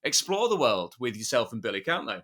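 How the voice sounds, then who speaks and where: Podcast host guy, bright forward voice, rambles happily, middle pitch. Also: very animated, a little fast. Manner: chatty and enthusiastic, talks in long rambling asides. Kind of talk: casual podcast chat.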